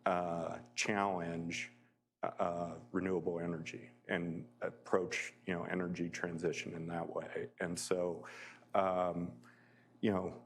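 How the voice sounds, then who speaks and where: Man, very low voice, guest lecturer, conversational, filler words, chuckles. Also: level tone, slow pace, slight background noise. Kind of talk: public lecture with personal stories.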